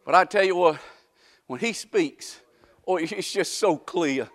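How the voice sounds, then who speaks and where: Bright-voiced preacher man. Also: sits high, unhurried. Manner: swings from shouted calls to hushed asides; folksy, repeats and asks the congregation questions. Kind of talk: sermon.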